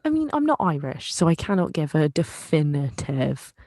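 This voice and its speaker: A woman's voice: low voice, sing-song, moderate pace, dark tone, no echo. A tipsy woman co-hosting a podcast, chatting enthusiastically and giggling. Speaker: podcast co-host. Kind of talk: casual chat.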